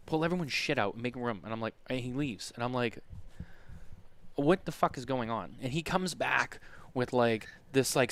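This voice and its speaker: A man's voice: mid-range voice, fairly bright tone. A man co-hosting a casual podcast chat, telling a long story with many restarts and acted-out quotes. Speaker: podcast co-host.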